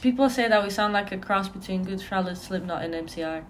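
A woman's voice: medium pitch, fast talker. A woman hosting a comedy podcast, reading fanfiction aloud in a dramatic, swear-filled way. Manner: swears freely, reads dramatically and laughs often.

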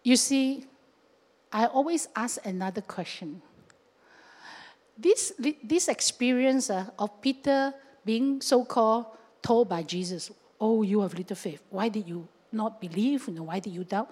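A woman pastor preaching a sermon, lively and acting out scenes with local fillers. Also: on the high side, a little slow. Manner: animated, acts out scenes and voices, with local fillers like lah. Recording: long hall reverb.

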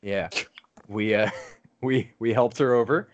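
A man's voice: on the low side, slow, lo-fi sound. A man on a podcast telling a long story in casual chat, rambling with lots of fillers and swearing.

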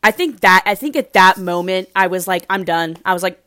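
A woman's voice: mid-range voice, lively intonation, fairly quick, fairly bright tone, no room sound, studio quality. A young woman casually recapping a dating show, gushing and rambling with lots of "like". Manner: gushing, rambling, heavy use of "like".

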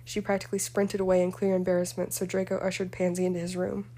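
A woman narrating a story aloud at an even, measured pace. Her voice is mellow and soft-toned, and she keeps a flat, level tune with little rise or fall. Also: on the low side. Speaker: story reader. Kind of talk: audiobook-style reading of fan fiction.

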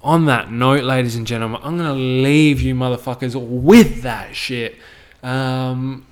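A man's voice: mid-range voice, fairly even intonation, measured pace, clear, resonant tone. An Australian man hosting a podcast, ranting casually with blunt, heavy swearing and a preachy tone. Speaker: podcast host.

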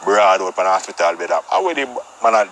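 A man's voice: low-pitched, sing-song, fast talker, a bit bright, a little hiss or hum, rough recording. A man with a Jamaican patois accent telling a comic story as a brash, profane tough guy.

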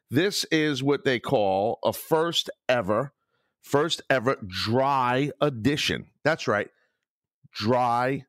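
A man's voice: medium pitch, fairly bright tone, no room sound, studio quality. Profane man ranting on his podcast. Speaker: podcast host. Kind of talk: solo podcast rant.

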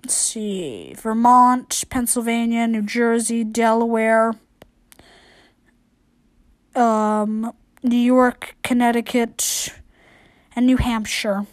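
A woman's voice: fairly high pitch, flat delivery, slow pace, pauses often. A woman hosting an amateur news show, reading long lists casually and correcting her own slips as she goes.

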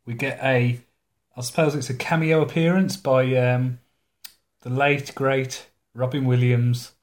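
This man talks over his co-host in loose, sarcastic banter, swears freely and laughs at his own jokes. His pitch sits in a middle register, and he picks apart a sitcom episode scene by scene. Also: fairly even intonation, unhurried. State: recovering from an ear infection. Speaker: podcast co-host. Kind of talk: casual banter about a TV episode.

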